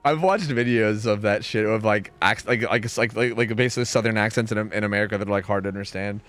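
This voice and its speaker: Over soft background music, a man in his thirties with a Pennsylvania accent streams a game, talking fast in a lowish voice. He rambles through animated stories in casual chat and swears often.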